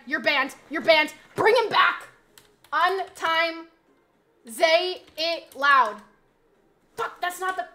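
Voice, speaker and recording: Streamer lady begging chat over and over, bright tone, unhurried, goes from murmur to yelling. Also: sits high. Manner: pleading, dramatic, swings from pleading murmur to shouting. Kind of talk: casual live-stream chat.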